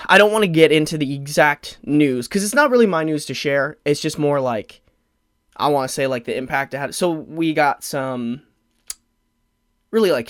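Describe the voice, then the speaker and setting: A man in his twenties talks alone into a podcast microphone, his voice sitting a touch higher than most men's. He rambles, leans on "like" and restarts his sentences, sounding openly emotional. The recording is dry, with no room sound. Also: fairly bright tone, no echo. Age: 20s. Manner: rambling, heavy use of "like" fillers, frequent restarts; emotional, openly close to tears at times. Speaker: podcast host. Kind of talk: solo podcast chat.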